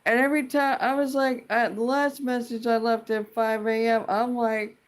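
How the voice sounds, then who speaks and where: A woman's voice: a little high, level tone, moderate pace. A woman ranting in a casual vlog, profane, rambling and indignant as she vents like a fed-up tenant. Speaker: tenant venting about a dispute.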